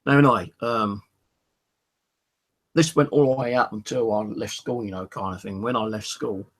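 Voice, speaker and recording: A middle-aged British man with a fairly low, steady voice tells a personal story at normal speed in British English. He rambles casually, swears freely, and often says "you know."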